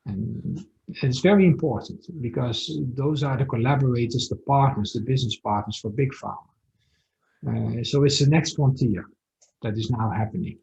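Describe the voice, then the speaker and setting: Gravelly, hesitant man on a dull call. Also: mid-range voice, normal speed, a little mellow. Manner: hesitant, many fillers. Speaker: interview guest, company founder. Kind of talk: business interview.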